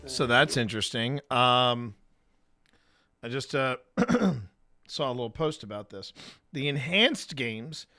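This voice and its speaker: A man hosting a live stream, chatting casually in a rambling way and often clearing his throat. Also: mid-range voice, bright, forceful tone. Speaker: streamer and host. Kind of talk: casual live-stream chat while gaming.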